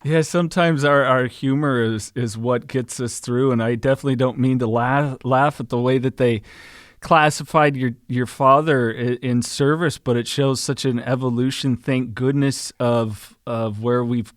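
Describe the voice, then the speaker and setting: A man's voice: medium pitch, steady tone, moderate pace, no echo, clean studio sound. A male podcast host who listens closely and asks his guest questions in casual talk. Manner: attentive, gives short affirmations and laughs. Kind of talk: casual interview.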